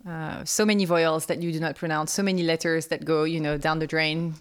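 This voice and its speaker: A woman's voice: low-pitched, a little fast. French-accented woman, laughing and playful. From France. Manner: animated, laughs often, playful. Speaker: sailing guest. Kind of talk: casual podcast chat.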